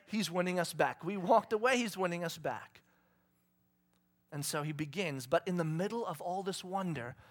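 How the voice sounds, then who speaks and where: A pastor preaching a sermon in an animated way, asking the listeners questions and acting out voices in the story. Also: male voice, sits high. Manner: animated, asks the crowd questions; acts out God and the people in quoted voices.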